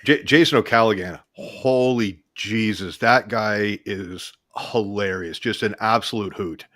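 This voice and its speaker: A man's voice: lowish voice, measured pace, a bit bright, no room sound, studio quality. A man co-hosting a casual video-call chat, telling stories with many restarts. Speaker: co-host.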